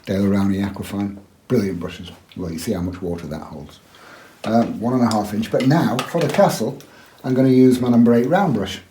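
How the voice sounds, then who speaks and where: A man giving a relaxed watercolour painting lesson, chatty and quiet, often dropping to a murmur as he works. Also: lowish voice, brisk, a little hiss or hum. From England. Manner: quiet, chatty, drops to a murmur while working.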